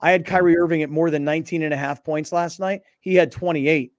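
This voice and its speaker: A man's voice: a little high, fairly even intonation, quick pace, dry recording, studio quality. A man hosting a sports talk show, joking around in a laid-back, drawling way.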